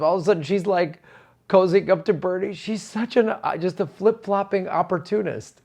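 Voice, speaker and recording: A man's voice: high voice, normal speed, gravelly, darkish tone. A man who is a comedian, giving casual political commentary in a profane, exasperated rant full of stammered restarts.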